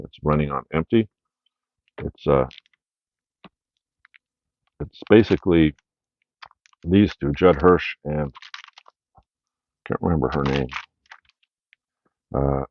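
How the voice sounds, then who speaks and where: Very deep-voiced man rambling casually. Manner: rambling with many fillers and repeated "right?". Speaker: media collection haul host. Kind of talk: casual unscripted video review. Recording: dry, dull lo-fi sound.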